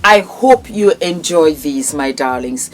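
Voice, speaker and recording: Slow, low-voiced gushing woman host. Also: expressive, slight background noise. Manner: gushing, affectionate, calls viewers darling. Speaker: vlog host. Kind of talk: casual product promotion.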